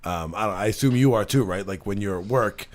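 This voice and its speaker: A man's voice: lowish voice, a little fast. A married man hosting a casual podcast, talking loosely with plenty of "like" and playing clips to react to. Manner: chatty, many fillers, plays clips to react to. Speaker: podcast host. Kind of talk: casual chat.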